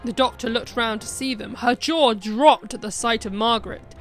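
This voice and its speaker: A woman narrating a short fan story aloud in plain, steady narration. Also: fairly high pitch, moderate pace, faint music behind.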